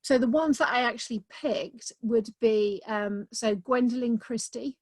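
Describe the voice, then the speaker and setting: A woman's voice: fairly high pitch, measured pace, no room sound. Chatty woman author, dry close sound. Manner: chatty and enthusiastic, many "um"s. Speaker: author being interviewed. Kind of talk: casual conversation.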